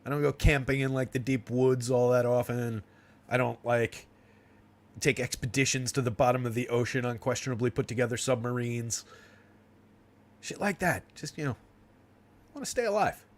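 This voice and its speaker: With a mid-range voice, a moderate pace and long pauses, this young man from New Jersey hosts a fantasy sports stream. He chats and rambles loosely, laughing often and using lots of fillers.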